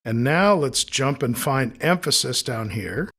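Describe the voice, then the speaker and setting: A man with a voice of ordinary, mid-range pitch leads a screen-recorded lesson on audio editing. He talks in an easy, explanatory way and thinks aloud as he works through each step on screen. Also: measured pace, husky. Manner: relaxed, explanatory, thinking aloud while demonstrating. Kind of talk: screen-recorded software tutorial.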